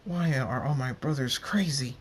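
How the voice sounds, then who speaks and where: A man voicing a protective male pony who is his brothers' keeper, talking high and loud in a pleading, panicked way. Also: normal speed, slight background noise, lightly acted. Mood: alarmed.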